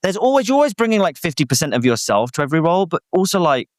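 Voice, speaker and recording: A young British man, a guest actor, chatting casually with animated, self-deprecating, rambling stories. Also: a little high, racing, no echo, studio quality. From Britain. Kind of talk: casual chat.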